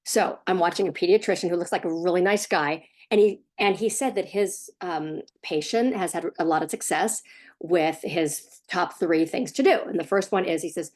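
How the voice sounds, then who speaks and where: A woman in her forties, a parenting coach, talking casually to the camera in a chatty, animated way that keeps jumping up in pitch as she acts out what others say. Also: normal speed. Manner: chatty, animated, laughs, acts out quotes with a raised voice.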